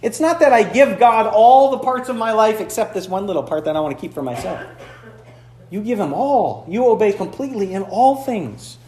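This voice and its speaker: A man's voice: high-pitched, lively intonation, normal speed, a little mellow, reverberant. A man from the Upper Peninsula of Michigan, preaching a conversational sermon with playful asides, recorded in a church. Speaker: pastor.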